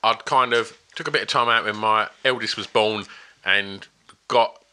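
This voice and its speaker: A man's voice: fairly low pitch, steady tone, moderate pace, sharp tone, clear, resonant tone. A man hosting a podcast, steering and teasing the others in casual banter. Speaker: podcast host.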